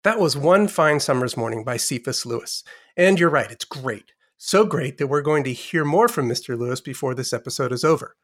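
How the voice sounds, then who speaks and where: A man's voice: medium pitch, expressive, a little fast. A male co-host who talks conversationally and introduces each song. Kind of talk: casual podcast talk.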